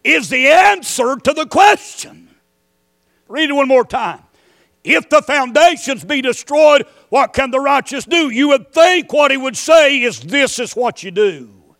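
High-pitched preacher, shouting peaks. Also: male voice, lively intonation, unhurried, no room sound, studio quality. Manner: swings from quiet storytelling to shouted emphasis. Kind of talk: sermon.

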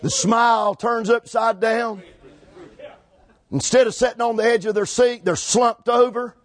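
A man preaching a fiery sermon, rhythmic and repetitive, building up to shouts. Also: extremely high pitch, steady tone, a little slow. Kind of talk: fiery Pentecostal-style sermon.

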